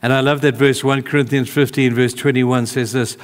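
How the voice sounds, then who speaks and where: A man preaching a sermon in a church hall, conversational, moving between emphatic calls and hushed, tender asides. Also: medium pitch, little pitch movement, moderate pace.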